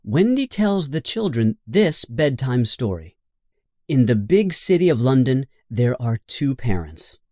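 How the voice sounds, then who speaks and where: Slow expressive man reading a storybook. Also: mid-range voice, no echo, studio quality. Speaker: audiobook narrator. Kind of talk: scripted storybook narration.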